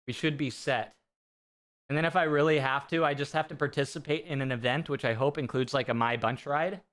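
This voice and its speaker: A man from Central California, chatting casually and excitably with viewers on a live stream. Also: a little high. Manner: rambling, excitable, talks to chat. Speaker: fitness streamer.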